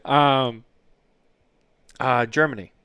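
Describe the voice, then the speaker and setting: A man's voice: medium pitch, fairly even intonation, drawn-out words, fairly bright tone, clear, resonant tone, dry recording. A man in his thirties hosting a casual podcast, telling rambling stories and swearing freely. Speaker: podcast host. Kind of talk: casual chat.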